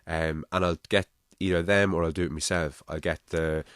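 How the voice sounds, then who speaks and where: A man with a Navan Irish accent hosting a casual podcast chat, thinking out loud and swearing freely. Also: deep voice, steady tone, moderate pace, clear, resonant tone, no room sound, clean studio sound. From Ireland. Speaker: podcast host.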